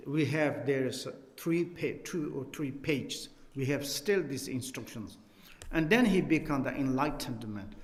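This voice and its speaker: A man, a Buddhist teacher, explaining a text and telling a story in halting, non-native English with many restarts, joking with his listeners. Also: medium pitch, expressive, echoey room, in a large hall. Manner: jokes and laughs with listeners.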